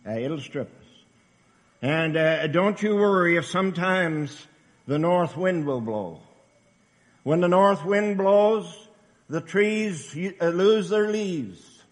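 In a reverberant church camp meeting hall, a man preaches in an emphatic, earnest, exhorting way. His voice is high-pitched with lively intonation, and he takes it slowly.

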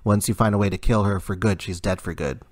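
A man co-hosting a podcast, talking in a halting way with many pauses and fillers. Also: on the low side, steady tone, no room sound. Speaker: podcast co-host. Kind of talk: casual chat.

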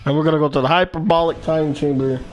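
A man giving casual game commentary in an excitable way, swearing, shouting and repeating himself. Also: a little high, quick pace. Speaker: gameplay commentator. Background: loud game music.

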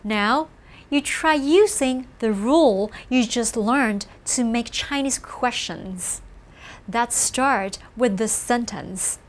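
A woman with a high voice narrates a scripted language lesson. She speaks slowly and carefully, explaining each point in an encouraging way. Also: expressive. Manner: slow, careful, encouraging explanation with model phrases. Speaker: language teacher.

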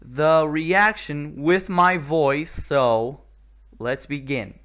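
Excitable man with a higher voice. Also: drawn-out words. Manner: excitable, swears a lot, loud bursts of exclamation. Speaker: YouTube reaction host. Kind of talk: casual reaction commentary.

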